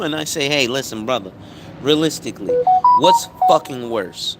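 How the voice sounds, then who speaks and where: A man hosting a casual live stream as an insurance agent, talking bluntly and profanely with animated storytelling. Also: medium pitch, normal speed, soft background music.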